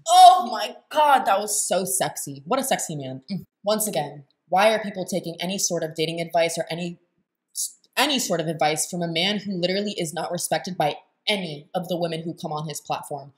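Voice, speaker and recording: A young woman talks over a clip she is reacting to, in a voice pitched a little low. She is blunt and sarcastic and swears freely, in the loose tone of casual commentary. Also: a little fast. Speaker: reaction video host.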